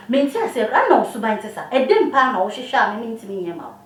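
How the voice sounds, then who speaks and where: A woman's voice: a little high, big pitch swings, normal speed. A woman acting in a comedy skit, teasing in short, broken phrases. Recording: roomy, distant.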